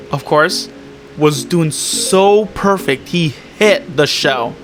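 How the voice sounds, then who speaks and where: A man's voice: fairly high pitch, sharp tone. A man talking casually about his animation projects, rambling with plenty of fillers and restarts. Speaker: animation creator and vlogger. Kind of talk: casual vlog talk.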